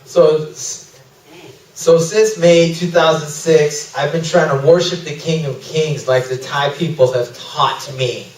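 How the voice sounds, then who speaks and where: A man telling a mission story at a church fellowship in an animated way, laughing through the emotional parts. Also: on the high side, takes it slowly, far from the mic. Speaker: missionary speaker. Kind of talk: testimony talk at a fellowship. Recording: echoey room, speaker away from mic.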